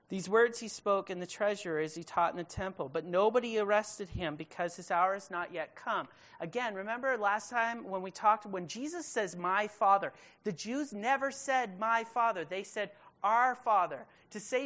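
A woman's voice: mid-range voice, fairly bright tone. Woman teaching a casual Bible study. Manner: reads scripture then paraphrases it in casual modern speech; emphatic, stretches key words slowly.

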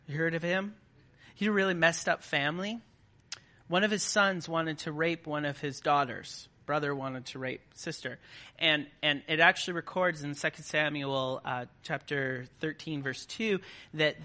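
Man, preacher, high voice, very bright tone, conversational sermon, checks in with the crowd. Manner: conversational, keeps checking in with the audience. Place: before a live congregation.

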